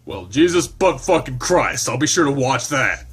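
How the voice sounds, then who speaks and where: Man voicing a gruff lizard character for a game read, foul-mouthed, teasing, slightly raised pitch. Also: big pitch swings, normal speed, fairly bright tone, soft background music, heavily acted. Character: crude, gruff adult male lizard.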